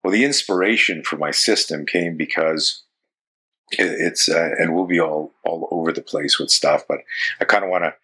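Canadian man, 60s, low forceful husky voice; rambling interview guest, swears casually. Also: moderate pace. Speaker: self-defense coach, guest.

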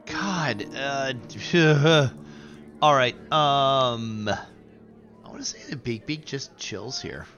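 A man's voice: medium pitch, very slow, fairly bright tone, dull audio, soft background music. A man playing a tabletop game, rambling and unsure, and laughing at himself. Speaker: player. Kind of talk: casual tabletop play.

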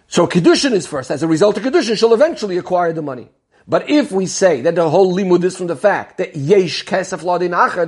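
A man's voice: sits high, a little mellow, husky. A man teaching a Talmud lesson, explaining step by step and weaving in Hebrew terms. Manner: explanatory, repeats key terms, Hebrew and Yiddish terms. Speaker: Torah teacher.

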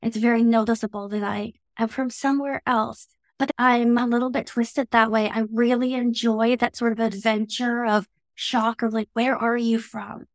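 Canadian woman interview guest, fairly high voice, measured, reflective, dry close recording. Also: flat delivery, no room sound. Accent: Canadian English.

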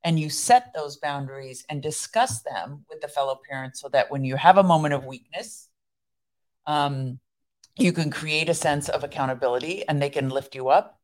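Brief: female podcast co-host, deep voice, chatty explainer. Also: moderate pace, darkish tone. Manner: explanatory, chatty, laughs easily. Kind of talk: casual chat.

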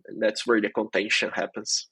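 A man's voice: lowish voice, level tone, normal speed, a bit bright, husky, no echo, poor audio. A man as a guest expert in a technical interview, explaining things patiently step by step.

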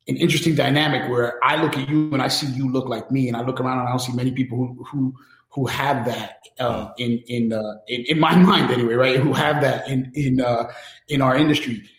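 Speaking at a fairly quick clip with a medium pitch, this guest, an enterprise technology strategist, gets candid and animated in a relaxed interview, with many restarts and frequent "right?" check-ins. The sound is reverberant.

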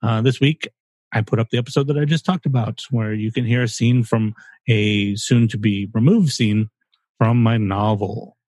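Husky man rambling on a podcast. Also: fairly low pitch, fairly even intonation, moderate pace, a little mellow, no room sound. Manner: rambling, joking, swearing. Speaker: podcast co-host. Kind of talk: casual chat.

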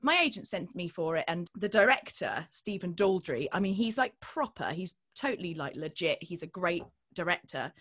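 A woman in her thirties, a singer and performer, telling animated stories as a podcast guest and acting out the people in them. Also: fairly low pitch, normal speed, hardly any pauses. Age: 30s. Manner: expressive storyteller, acts out quoted voices, laughs often. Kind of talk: animated anecdotal chat.

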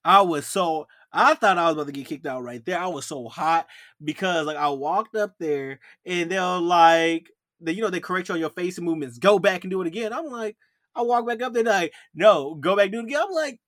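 Young man, casual storytelling, slangy, lively delivery, slightly high voice, dry close sound. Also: a little fast, dry recording. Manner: animated, acts out yelled quotes, slangy. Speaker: podcast co-host.

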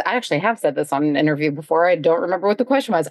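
A woman guest on a podcast, talking about parenting and business in an upbeat, reflective way with quick asides. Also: lowish voice, animated, dry recording. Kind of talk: reflective conversational interview.

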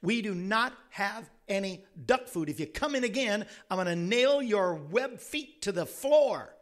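A man's voice: sits high, sing-song, moderate pace, breathy edge, exaggerated voice. A man voicing an exasperated male feed-store owner who is running out of patience in a told joke. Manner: exasperated, stern.

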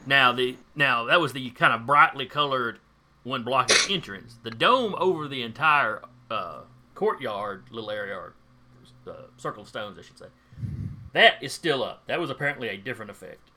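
Speaking at a normal pace with a medium pitch, lively intonation and a sharp tone, a man acts as game master for a tabletop game. His delivery is plain and matter-of-fact as he reads rules and asks players for rolls.

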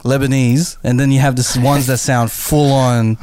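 A man's voice: mid-range voice, flat delivery, normal speed, a little mellow, a little hiss or hum. Man explaining with many fillers. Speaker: podcast co-host. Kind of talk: casual podcast chat.

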